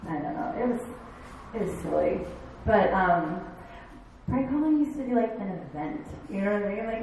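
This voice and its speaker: Woman comic in her thirties working a bar stage, chatty storytelling with quick voiced bits, picked up far off in a very echoey room. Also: on the high side, sing-song, lo-fi sound, slight background noise. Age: 30s. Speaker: stand-up comedian. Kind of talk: stand-up comedy set.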